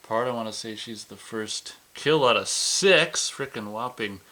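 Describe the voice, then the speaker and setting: A man's voice: lowish voice, a little slow, bright, forceful tone, poor audio. A man co-hosting a casual episode review, rambling and correcting himself as he jokes along. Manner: rambling, self-correcting, joking. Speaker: podcast co-host.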